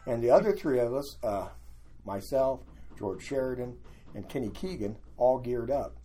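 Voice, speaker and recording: An older man, a guest, telling lively anecdotes in a casual storytelling way and acting out what other people said. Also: mid-range voice, moderate pace, slight background noise. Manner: animated anecdotes, acting out quoted voices.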